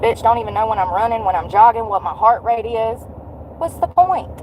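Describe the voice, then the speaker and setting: A woman's voice: on the high side, lively intonation, brisk, darkish tone, slight background noise, low-quality recording. A woman around forty, venting in a blunt, sarcastic, profane vlog rant while out walking. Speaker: vlogger.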